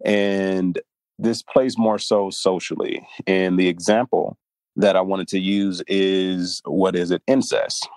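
Deep-voiced easygoing man podcast host. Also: little pitch movement, slow, a little mellow, no echo. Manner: easygoing, laughs often, thinks aloud with fillers. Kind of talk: casual podcast chat.

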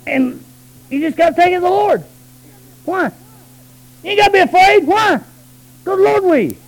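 A high-pitched male preacher, delivering a sermon. He talks quickly and low in his asides, then climbs into long, shouted, stretched-out lines. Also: lively intonation, poor audio. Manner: swings from low talk to high shouted calls.

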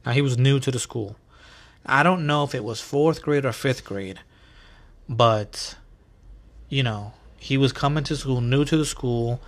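A man's voice: medium pitch, measured pace. Thirties New Yorker host, chatty and profane, casual storytelling with a New York accent, man. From New York City, USA. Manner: chatty, profane, bro slang. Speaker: podcast host.

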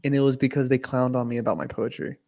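A man co-hosts a casual podcast, talking fast in a steady, gravelly, darkish mid-range voice. He tells loose, profane stories packed with "bro" and "like." The recording is clean studio sound with no room sound.

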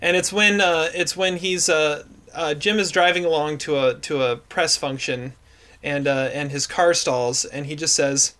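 Laughing podcast host, slightly high voice. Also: male voice, fairly even intonation, unhurried, sharp tone. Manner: laughing, stumbling over repeated words. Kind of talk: casual podcast chat.

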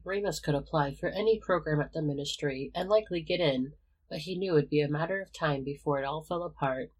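Calm narrator reading fan fiction, husky and breathy. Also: mid-range voice, poor audio. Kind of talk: fan fiction read aloud.

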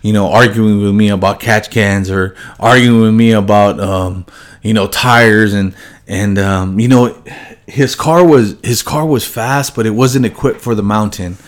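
A young man who runs a car shop, speaking haltingly and choked up as he remembers a friend, his voice heavy and subdued. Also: fairly even intonation. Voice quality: halting, many fillers and restarts. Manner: subdued and heavy, voice dropping low when grieving. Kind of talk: emotional personal remembrance to viewers.

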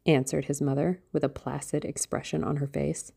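A woman narrating a classic novel in a measured, expressive reading. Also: low-pitched, gravelly, husky. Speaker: audiobook narrator.

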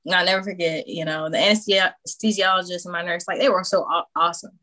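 A woman guest on a podcast casually telling a personal story, animated, acting out what others said and laughing often. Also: fairly low pitch, quick pace. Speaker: podcast guest, new mother.

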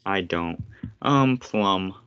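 Blunt deep-voiced man, teasing. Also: animated, very slow, smooth. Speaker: podcast co-host. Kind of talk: casual chat. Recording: slightly muffled podcast audio.

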